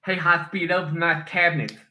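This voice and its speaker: A man's voice: fairly high pitch, level tone, a little fast, sharp tone. A man voicing his old army chief, a greedy, blustering officer with a bad lisp.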